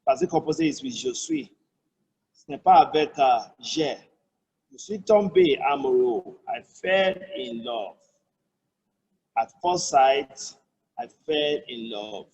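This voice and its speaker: A man's voice: on the high side, expressive, a little mellow, breathy edge, low-quality recording. A man with a Nigerian accent teaching a French lesson, repeating and breaking down each phrase patiently. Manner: explains patiently, repeats phrases, slow careful French examples. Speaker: language tutor. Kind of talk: online language lesson.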